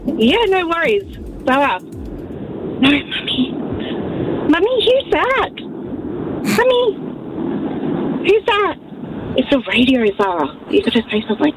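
A man voicing a mother and her eight-year-old daughter in a car, in slow squeaky put-on voices. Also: big pitch swings, noisy background, heavily acted. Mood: playful.

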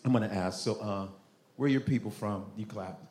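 A man's voice: fairly low pitch, normal speed, darkish tone, reverberant. A man doing stand-up crowd work, chatting with audience members and laughing as he talks. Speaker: stand-up comedian.

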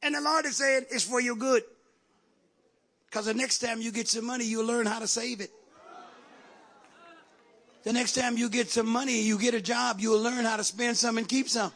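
A man preaching a sermon in a church, calling out to the congregation and rising to shouts. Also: very high-pitched, flat delivery, normal speed, long pauses. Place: church sanctuary.

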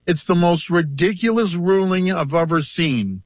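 A man's voice: sits high, animated, a little slow, no room sound. A man speaking bluntly and indignantly at a news conference, played as a clip. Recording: dull, dry archive clip.

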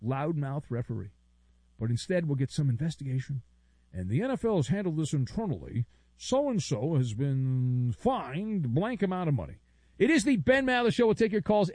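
A middle-aged man hosting a sports talk radio show, delivering a sarcastic, mocking monologue that swings between loud outbursts and low mutters. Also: expressive, normal speed, no room sound.

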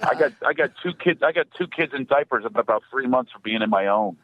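A comedian man from Philadelphia, calling in to a radio show and telling stories in an animated way, laughing often. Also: medium pitch, fairly quick. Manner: animated storytelling, acts out voices and laughs often. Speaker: comedian guest. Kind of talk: radio call-in comedy chat. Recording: dry muffled phone line.

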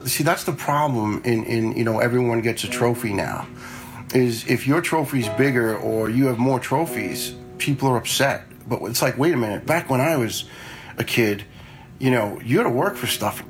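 With faint music playing behind him, a man in his forties speaks at medium pitch and normal speed. A retired fire lieutenant, he bluntly recounts casual anecdotes, quoting himself along the way.

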